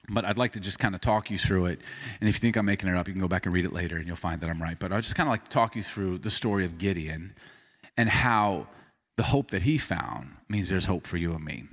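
A man preaching a sermon, telling a self-deprecating personal story with lots of energy and then turning quiet and earnest as he moves into scripture. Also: deep voice. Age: adult. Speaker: pastor.

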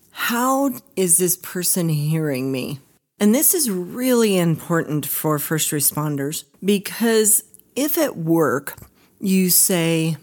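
A woman's voice: lowish voice, a little mellow. A woman who is a psychologist hosting an educational podcast, talking in a direct, conversational way. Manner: direct, conversational, acts out quoted voices. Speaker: psychologist host.

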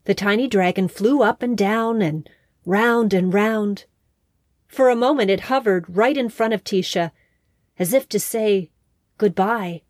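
Slow, calm woman storyteller. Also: mid-range voice, no echo, clean studio sound. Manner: calm, unhurried, expressive storytelling. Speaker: storyteller and show host. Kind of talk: scripted story narration.

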